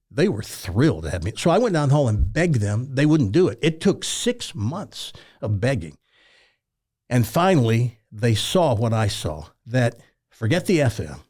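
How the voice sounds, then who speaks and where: An older man from Tennessee, a former radio host telling stories in an interview and acting out the dialogue. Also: mid-range voice. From Tennessee, USA. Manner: animated storyteller who acts out quoted dialogue. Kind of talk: storytelling in a casual interview.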